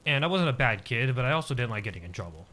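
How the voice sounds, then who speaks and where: A man's voice: medium pitch, very animated, racing, pushed and bright. A man in his twenties, a podcast guest, telling a personal story casually and hesitantly, with many filler words.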